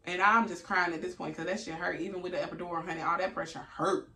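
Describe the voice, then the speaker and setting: Lady vlogger telling a story all dramatic, cussing a lot, kinda fry-voiced, echoey room. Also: on the low side, fast. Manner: theatrical, animated, swears freely. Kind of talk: casual storytelling. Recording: echoey room, distant mic.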